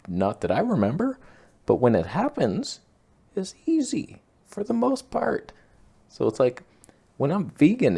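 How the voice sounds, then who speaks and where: A man's voice: fairly low pitch, dark tone. A man hosting a health vlog, answering viewer questions in a chatty, frank and sometimes indignant way, full of "like" fillers. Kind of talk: casual rambling Q&A monologue.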